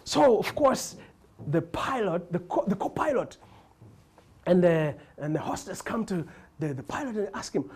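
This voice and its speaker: A man with a Ugandan English accent tells a comic story on stage. His voice is a little husky, and his pitch swings widely as he jumps into the people he describes. The delivery is animated and playful. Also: a little slow. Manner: animated, acts out characters with big pitch jumps. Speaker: comedian. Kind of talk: stand-up storytelling.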